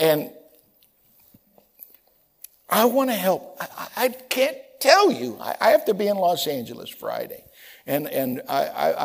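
Animated, stammering preacher with a higher voice. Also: male voice, vocal fry. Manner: animated storytelling, stammers and repeats words. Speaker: pastor. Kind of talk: sermon.

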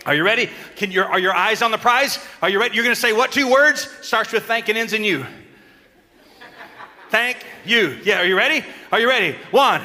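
A man giving a lively children's sermon, coaxing and calling out to the kids in a church. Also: sits high, normal speed, a little hiss or hum. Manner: animated, coaxing, calls out to the kids. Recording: long reverb in a large hall, faint crowd.

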